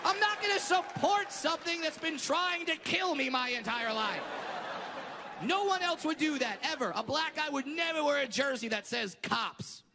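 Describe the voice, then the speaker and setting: Brash stand-up man, very high voice, profane and shouty; live stage with audience noise. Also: lively intonation, normal speed, long reverb tail, crowd noise. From Southern California. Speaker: stand-up comedian. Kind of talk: stand-up set. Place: comedy stage before a laughing audience.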